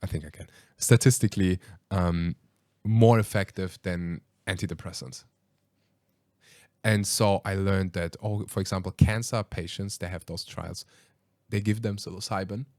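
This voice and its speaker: Man, podcast host, low voice, dry close sound, animated chatty storytelling. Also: no echo. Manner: animated, laughing storyteller with many fillers. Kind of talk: casual storytelling conversation.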